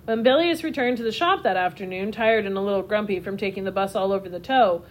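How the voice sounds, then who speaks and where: A woman narrating a children's storybook in a steady, expressive reading voice. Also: medium pitch, fast talker, slight background noise.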